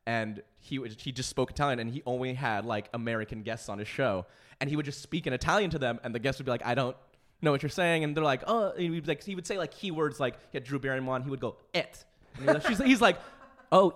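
A man in his thirties co-hosting a podcast, talking in a casual, animated and profane way. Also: mid-range voice, very fast. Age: 30s. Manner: animated, profane, jumps into mock voices. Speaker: podcast co-host. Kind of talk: casual chat.

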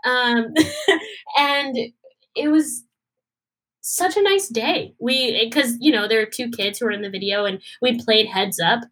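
A young woman performer chats through an anecdote in a casual interview, her voice sitting a little high. She slips into the voices of the people she quotes and keeps the story moving with animated energy. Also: a little slow. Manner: animated, acts out quoted dialogue. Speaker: guest performer.

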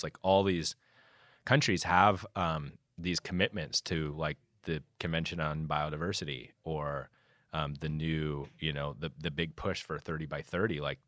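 Very deep-voiced man, animated guest. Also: no echo, clean studio sound. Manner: animated, many restarts and fillers. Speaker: conservation group guest. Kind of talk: casual conversation.

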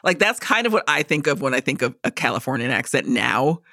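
A woman co-hosting a podcast, chatting casually with quick, playful reactions. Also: a bass voice, big pitch swings, pushed and bright, no room sound, studio quality. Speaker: podcast co-host. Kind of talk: casual chat. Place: Los Angeles.

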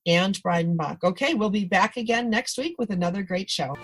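A woman's voice: mid-range voice, fairly quick, music in the background. A woman hosting a radio talk show, interviewing a guest with short affirming interjections. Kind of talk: casual interview chat.

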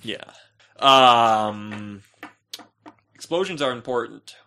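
A man's voice: medium pitch, slow, sharp tone. A young man co-hosting a casual podcast chat, playful and teasing. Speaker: podcast co-host.

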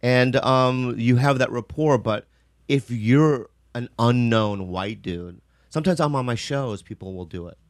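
A man's voice: mid-range voice, measured pace, dry recording, clean studio sound. A man, a comedian, chatting casually and telling rambling stories with restarts and many tag questions. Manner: rambling storyteller, restarts and frequent "right?"; animated, acts out voices in his stories. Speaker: comedian and actor. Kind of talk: casual chat.

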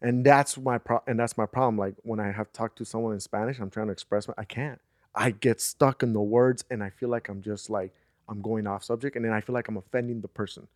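A man with a low voice co-hosts a casual podcast, telling stories in a relaxed way. He gets animated when he acts out what other people said. The sound is dry and close. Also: a little fast, dry recording. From United States. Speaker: podcast co-host. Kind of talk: casual chat.

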